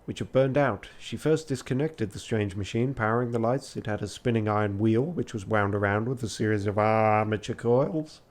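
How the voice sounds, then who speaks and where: A man's voice: lowish voice, normal speed, hardly any pauses. A tired man streaming for charity, reading a text game aloud, self-mocking, laughing and swearing as he goes.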